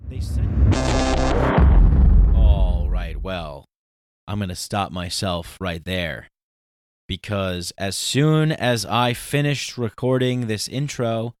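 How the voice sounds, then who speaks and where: A man hosting his own podcast, talking through a solo intro in an animated, ranting, conversational way. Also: deep voice, slow pace, pauses often, dry recording, studio quality. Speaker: podcast host.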